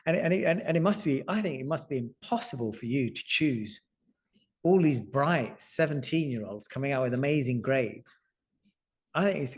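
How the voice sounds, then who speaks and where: A man in his forties, a surgeon and author, telling personal stories in a lively way and acting out the dialogue. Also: mid-range voice. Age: 40s. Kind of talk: conversational storytelling. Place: lecture hall.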